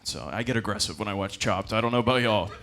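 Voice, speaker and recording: A man's voice: lowish voice, expressive, fast talker, vocal fry, fairly bright tone, slight background noise. A young man doing a rambling, self-deprecating stand-up comedy set, full of fillers and laughing at his own jokes. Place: comedy club stage.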